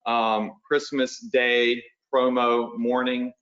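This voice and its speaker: Speaking slowly in a medium-pitched, fairly bright voice with flat delivery, an online business coach runs a live webinar. He casually walks viewers through steps as he draws on screen, using "y'all" and asking "right?" to check in, on slightly dull lo-fi audio.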